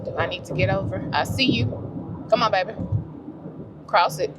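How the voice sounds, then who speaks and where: A woman's voice: mid-range voice, normal speed, very noisy. A woman chatting to her camera while she drives, talking to herself and laughing easily. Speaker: vlogger. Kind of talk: casual vlog chat. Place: in a car, driving.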